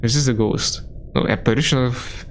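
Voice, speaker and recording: A man's voice: mid-range voice, moderate pace, a little hiss or hum. A male streamer giving casual, laid-back commentary while playing a game, swearing often and laughing at himself.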